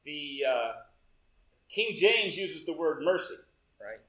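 Male pastor, high-pitched, unhurried delivery, roomy church sound. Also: very animated, a bit bright. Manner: unhurried, talks to congregation with "right?" checks. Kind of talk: sermon with congregational reading. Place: church sanctuary. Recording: echoey church room.

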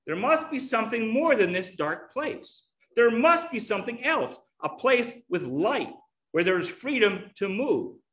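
A man voicing a gentle, hopeful unborn girl twin who pleads earnestly in a parable. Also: high voice, big pitch swings, measured pace, full character voice. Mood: insistent.

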